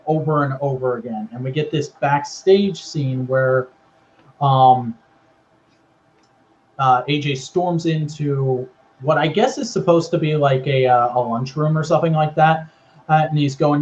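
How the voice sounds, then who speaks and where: A man's voice: fairly high pitch, normal speed, lo-fi sound. A man co-hosting a show, casually recapping a storyline and acting out the quotes as he tells it. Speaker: podcast co-host.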